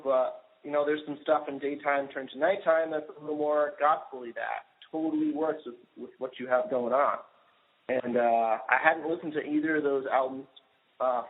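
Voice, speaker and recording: A man hosting a podcast interview, asking long, loose, chatty questions with fillers. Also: medium pitch. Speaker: podcast host. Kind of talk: casual interview talk. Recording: tinny phone-like sound.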